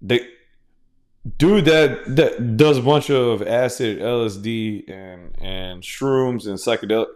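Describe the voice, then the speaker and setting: Slow and darkish, a man's medium-pitched voice carries a long, casual solo podcast monologue. As host, he swears freely and his speech is full of fillers and restarts.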